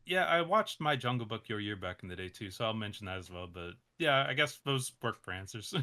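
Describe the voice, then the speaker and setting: A man talking casually about his animation projects in an interview, hesitant with many fillers and soft laughs. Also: lowish voice, animated, a little fast. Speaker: animation creator, interview guest.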